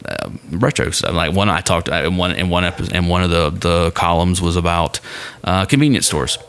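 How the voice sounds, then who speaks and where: A man's voice: deep voice, moderate pace, a bit bright, clean tone. A man co-hosting a casual podcast chat, rambling with lots of fillers and restarts. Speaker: podcast co-host. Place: home studio with his dog nearby.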